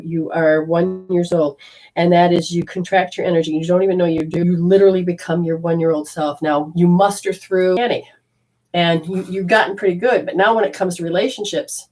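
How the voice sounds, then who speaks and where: Rambling low-voiced woman giving a reading. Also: fairly even intonation, a little fast, darkish tone, low-quality recording. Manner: rambling, with frequent restarts; affectionate, calls the listener honey. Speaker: intuitive reader for a caller. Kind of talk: spiritual reading and coaching.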